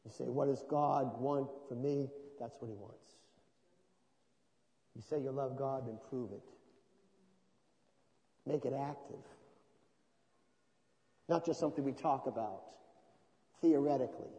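Man preaching in a reverberant hall. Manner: swings from soft and low to loud, drawn-out emphasis. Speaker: pastor. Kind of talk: sermon. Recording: long reverb of a large hall.

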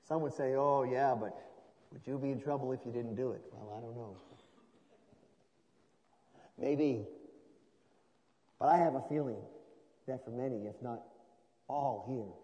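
A man preaching a sermon, dropping to a soft low voice and then rising to loud, drawn-out emphasis. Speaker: pastor. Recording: long reverb of a large hall.

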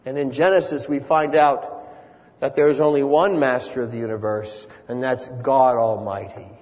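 A man's voice: mid-range voice, steady tone, moderate pace, darkish tone. A man preaching a sermon, earnest and building to emphatic repeated phrases. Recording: long reverb of a large hall.

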